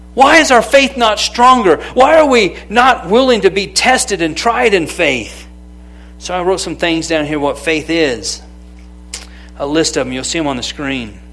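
A man preaching a sermon, lively and conversational, calling out to people in the room by name. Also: high-pitched. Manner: animated, calls out to people by name. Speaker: pastor.

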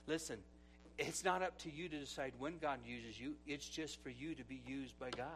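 A middle-aged male pastor preaching a sermon, swinging from loud exclamations to hushed asides as he tells stories and acts out quotes. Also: medium pitch, moderate pace, music in the background.

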